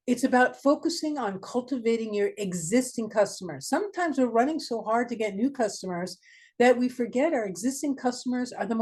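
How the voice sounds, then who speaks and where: A woman's voice: fairly high pitch, darkish tone. A woman marketing consultant giving a webinar presentation, direct and emphatic, asking the listeners many questions. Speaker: marketing consultant, guest speaker.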